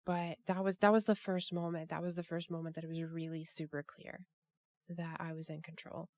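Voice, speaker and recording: A woman's voice: fairly low pitch, flat delivery, fairly quick. A woman hosting a casual group chat over a call, rambling with many restarts and fillers. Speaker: podcast host.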